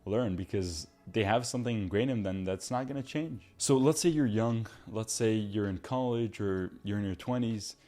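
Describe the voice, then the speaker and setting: A young man in his twenties talks straight to his viewers in an earnest, animated motivational monologue. His voice sits a little low, with a dark, mellow tone. He sounds like someone who wants his listeners to change their habits. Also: normal speed, few pauses. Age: 20s. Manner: mocks friends in put-on voices. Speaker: self-improvement video host.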